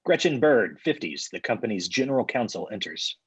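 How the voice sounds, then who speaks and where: A man reading the stage directions deadpan in a live comedy table read. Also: on the low side, fairly quick, husky, poor audio.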